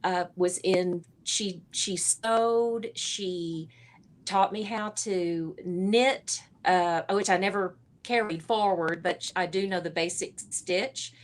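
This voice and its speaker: A woman from Texas with a Southern Texan accent, a guest artist answering interview questions over a video call, halting and restarting often. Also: lowish voice. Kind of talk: casual interview chat.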